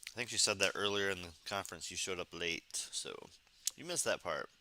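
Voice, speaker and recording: A man with a low voice hosts a casual late-night live stream of news commentary, talking a little fast in a pushed, bright way. He's sarcastic and ranting, yet speaks carefully because his face is sore from surgery.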